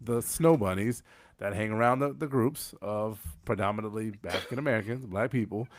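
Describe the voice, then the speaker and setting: A man's voice: lowish voice, fairly quick, crowd noise. A man hosting a casual group podcast, prodding his guests with question after question. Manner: prodding, asks many questions. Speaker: podcast host.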